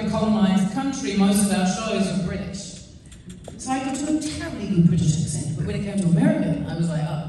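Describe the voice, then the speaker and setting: A woman's voice: medium pitch, mellow, a little hiss or hum. A woman with a New Zealand accent answering fan questions on a convention panel, chatty and self-deprecating, laughing often. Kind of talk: casual panel Q&A. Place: large convention hall. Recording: echoey hall recorded from far off.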